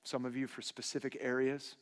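Pastor, male, 30s, mid-pitched; earnest storytelling sermon with hushed emphatic drops, recorded in a reverberant hall. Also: monotone, brisk, clear, resonant tone.

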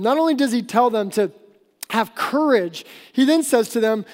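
A woman pastor preaching a sermon, explaining earnestly and slowing down for emphasis. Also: fairly high pitch, expressive, a little mellow. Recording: long hall reverb.

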